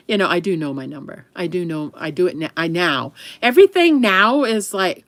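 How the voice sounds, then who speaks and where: A woman's voice: mid-range voice, sing-song, normal speed, a bit bright, dry recording. A middle-aged woman from the US East Coast chatting casually on a livestream, rambling with frequent laughs and self-corrections. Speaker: livestream host.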